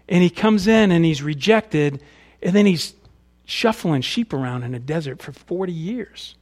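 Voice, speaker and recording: Male pastor, slightly high voice, conversational sermon delivery with casual asides. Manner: conversational preaching, varies loudness, slips into casual paraphrase.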